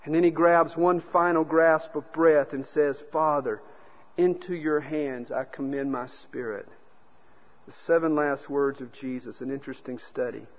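A man's voice: on the high side, steady tone, a little slow. A man preaching a sermon, telling stories and acting out the quoted speakers. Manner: storytelling preacher who acts out quotes. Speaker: pastor. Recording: dull sound with long hall reverb.

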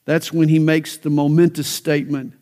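A man's voice: fairly high pitch, little pitch movement, moderate pace, a little mellow. A male pastor preaching a sermon, telling jokes and stories, then building to fervent emphasis.

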